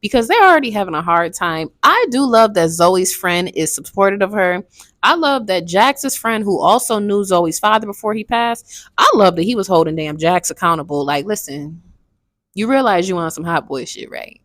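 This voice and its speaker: Twenties woman, casual book-review vlogger, swings up and down in pitch, candid and rambling. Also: animated, normal speed, fairly bright tone, dry recording, studio quality. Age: 20s. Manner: frank, rambling, swears casually.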